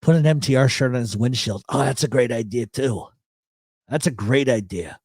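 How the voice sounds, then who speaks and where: A man's voice: medium pitch, normal speed, slightly rough, no room sound, studio quality. A man hosting a live radio chat show, telling stories and reading chat messages aloud, heavy on profanity. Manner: profane, storytelling, animated.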